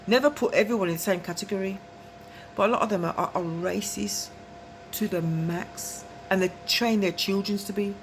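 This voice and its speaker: A woman's voice: mid-range voice, normal speed, a little hiss or hum. A woman tells a long, rambling story to camera, often asking whether you follow and laughing between phrases. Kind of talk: casual storytelling monologue.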